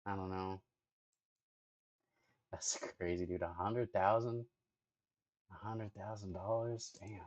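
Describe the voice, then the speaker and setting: A man's voice: low-pitched, fairly even intonation, slow pace, long pauses, darkish tone, lo-fi sound. A man streaming and reacting to videos, talking loosely with lots of 'like' and 'dude'. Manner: loose slangy talk with constant 'like' and 'dude'; chatty, talks playfully to his dog. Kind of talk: casual reaction stream chat.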